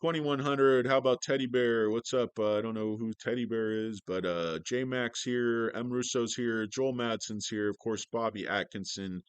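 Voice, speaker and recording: A man's voice: mid-range voice, moderate pace, few pauses, clear, resonant tone, no room sound. A man hosting a stock-market livestream, joking, swearing and rambling as he greets viewers.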